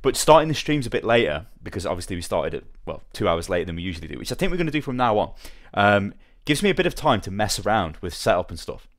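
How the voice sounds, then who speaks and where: A young man talks to his stream in a loose, rambling way, greeting viewers one by one. His voice sits a little low. It is casual hobby chat, never scripted. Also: very animated, fast, hardly any pauses. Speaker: streamer building models.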